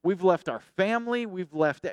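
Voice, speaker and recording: A man's voice: high-pitched, lively intonation, moderate pace, clear, resonant tone, dry recording, pitched above the performer's own voice. A man acting out an indignant, pleading disciple. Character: eager boastful male disciple.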